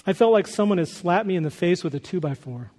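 A man preaching in a church, his voice pitched high for a man and carried by a long hall reverb. He speaks earnestly and rises to emphatic peaks as he builds each point. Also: lively intonation, fast talker, a little mellow. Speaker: pastor. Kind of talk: sermon.

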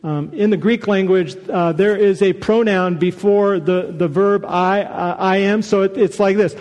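A man preaching a sermon, conversational and animated, with casual asides to the congregation. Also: sits high, moderate pace, hardly any pauses, big-room sound. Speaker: pastor.

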